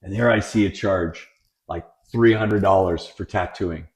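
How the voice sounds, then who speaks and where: A middle-aged man co-hosting a podcast, telling family stories in a blunt, animated, no-nonsense way. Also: deep voice, a little slow. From Italian family. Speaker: podcast co-host. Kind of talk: casual chat.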